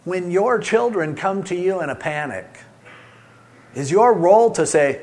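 A middle-aged man preaching a sermon, swinging between loud emphasis and soft, soothing asides. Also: high-pitched, expressive, a little slow. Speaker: pastor.

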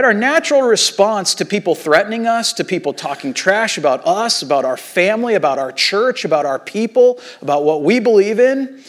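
Conversational preacher with a higher voice. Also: male voice. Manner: conversational preaching with rhetorical questions; reads scripture aloud slowly. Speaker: pastor. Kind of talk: sermon.

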